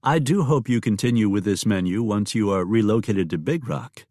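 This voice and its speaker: A man voicing a refined young wife on the frontier, soft and polite, in an audiobook. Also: fairly low pitch, normal speed, no echo, studio quality, close to an everyday voice. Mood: gracious.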